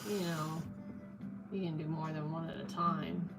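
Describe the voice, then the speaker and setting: A woman's voice: deep voice, flat delivery, unhurried, gravelly. A woman co-hosting a livestream, reacting to the banter in a dry, reluctant way. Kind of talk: casual livestream chat. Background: music.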